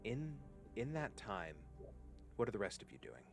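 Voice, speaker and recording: A man's voice: fairly low pitch, sing-song, normal speed, creaky, music in the background. A man running a tabletop game as game master, narrating the scene in a descriptive way with some hesitant fillers.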